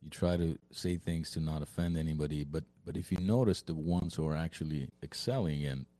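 A man's voice: very deep voice, brisk, dark tone, dry recording. A man co-hosting a podcast who tells anecdotes casually and laughs often. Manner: laughs often while talking. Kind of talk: casual chat.

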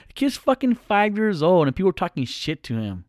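A man's voice: high voice, very animated, fairly quick, darkish tone, no echo, studio quality. A middle-aged man vlogging in a blunt, profane, heated rant straight to his viewers. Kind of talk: casual ranting monologue.

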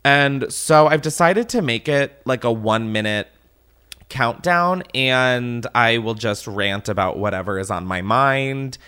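A man's voice: mid-range voice, animated, a little slow, sharp tone, clean tone. A man hosting a casual podcast, ranting animatedly with swearing and laughter. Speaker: podcast host.

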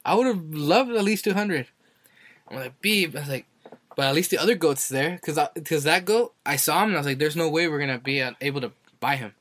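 A man's voice: lively intonation, quick pace, fairly bright tone, no echo. A young man co-hosting a podcast, chatting casually and rambling through a story while acting out what people said. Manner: rambling storyteller who acts out quotes with sudden high jumps. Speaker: podcast co-host. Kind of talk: casual chat.

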